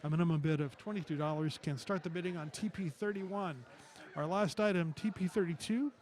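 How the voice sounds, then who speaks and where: A man with a slightly high voice reads out auction items for a live television broadcast. His delivery is steady and matter-of-fact as he gives each item's value and opening bid. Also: brisk. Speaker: auction item announcer. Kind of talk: reading item descriptions.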